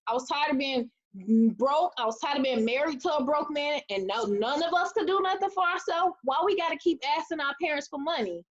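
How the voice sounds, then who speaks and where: On a webinar, a team leader in her thirties gives her team a motivational talk in a high-pitched voice at a fairly quick pace. She is animated and preachy, acting out the quotes in her stories. The audio sounds dull and lo-fi, like a computer mic.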